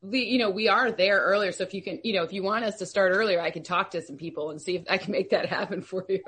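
A woman's voice: mid-range voice, quick pace, fairly bright tone, slightly rough. A woman from Luxembourg, a football analytics expert, talking in an upbeat, friendly way on a podcast. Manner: friendly, upbeat, frequent "like" fillers. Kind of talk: casual podcast interview.

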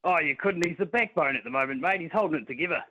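A man's voice: on the high side, fast, no room sound, narrow, tinny audio. A man with a New Zealand accent calling in to a sports radio show, laid-back and saying mate a lot. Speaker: caller. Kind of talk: casual phone-in chat.

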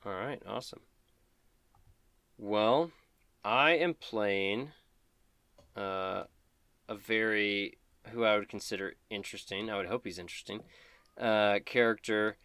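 A man with a smooth, resonant voice and a fairly low pitch talks through his character for a tabletop game. He rambles a little and uses fillers as he goes. The sound is close and dry. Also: a little slow, long pauses, no echo. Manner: relaxed, rambling explanations with fillers. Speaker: player. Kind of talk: casual tabletop character introduction.

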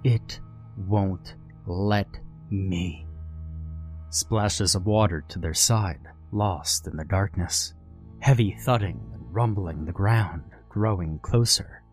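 A man narrating a scary story in a slow, measured, grave way. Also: deep voice, soft background music. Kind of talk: scripted horror narration.

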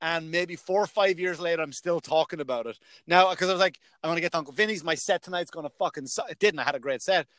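A man's voice: on the high side, quick pace, hardly any pauses, a bit bright, dry recording. A male stand-up comedian in casual chat, telling stories from his gigs, swearing freely and acting out what others said. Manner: storytelling, swears freely, acts out other people's lines.

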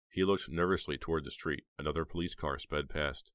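A man narrating a horror novel as an audiobook in a steady, measured way. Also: very deep voice, no echo.

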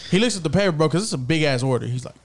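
A man's voice: a little high, expressive, very fast. A man with a Texan accent telling a story in casual podcast banter, acting out other people's voices as he goes. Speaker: podcast co-host.

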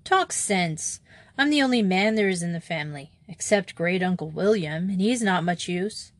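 A woman's voice: on the low side, expressive, normal speed, no echo, close to an everyday voice. A woman voicing a worried, impatient young Englishman in an audiobook reading, with a brusque, slangy manner. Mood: exasperated. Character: young English man, worried elder brother.

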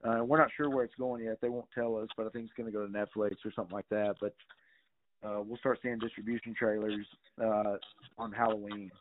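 A brisk, flat-voiced middle-aged man with a lowish pitch tells rambling, casual stories as a guest, with many fillers and occasional swearing. There's slight background noise and a tinny, phone-like tone.

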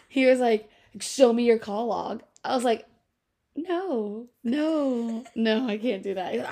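A woman's voice: a little high, animated, a little slow, warm tone. A young woman in her twenties co-hosting a podcast, telling a story in casual chat, full of filler words and laughing often. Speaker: podcast co-host.

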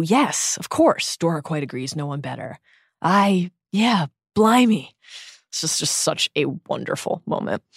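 A woman with a low voice reads her podcast's scripted book recap, earnest and emotive. The sound is dry and close. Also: no room sound. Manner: earnest, emotive reading with bursts of laughter. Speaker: podcast co-host.

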